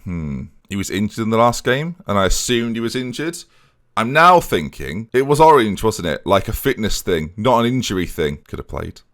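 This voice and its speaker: A man's voice: fairly low pitch, sing-song, moderate pace, a bit bright. A man commentating on his own football management game, chatty and talking straight to his viewers, given to exasperated outbursts. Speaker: video game streamer.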